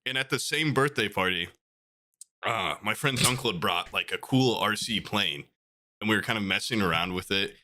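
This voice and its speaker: A man's voice: normal speed, no echo. A man co-hosting a podcast, telling stories in casual chat and leaping into mocking voices when he quotes people. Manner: animated storyteller, jumps high into mocking quoted voices. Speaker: podcast co-host.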